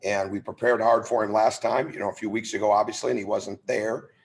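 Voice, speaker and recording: A middle-aged head coach fields press questions over a video call, speaking a little fast in a lowish voice with fairly even intonation. He's earnest and emphatic, restarting phrases and repeating words as he goes.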